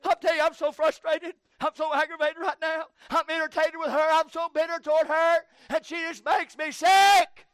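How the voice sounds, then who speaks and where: A man's voice: very high-pitched, flat delivery, moderate pace, hardly any pauses, fairly bright tone, no echo, pitched above the performer's own voice. A man acting out a bitter, fed-up husband who gripes in a whiny, worked-up way. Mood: aggravated. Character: bitter, fed-up husband complaining about his wife.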